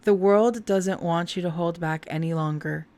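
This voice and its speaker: A woman's voice: lowish voice, moderate pace, a little mellow. A woman giving a casual tarot reading to camera, heartfelt and emotional as she talks straight to her viewers. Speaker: tarot reader.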